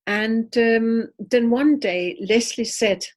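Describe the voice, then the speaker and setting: An older woman, a medium, telling animated stories with laughter in a conversational interview, her English slightly non-native in phrasing. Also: on the high side, takes it slowly. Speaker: spiritual medium, guest.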